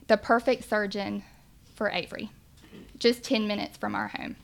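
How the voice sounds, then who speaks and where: Mom telling her faith story, earnest and emotional, bit of vocal fry. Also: medium pitch, flat delivery, normal speed. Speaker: mother sharing a testimony. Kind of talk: personal testimony storytelling.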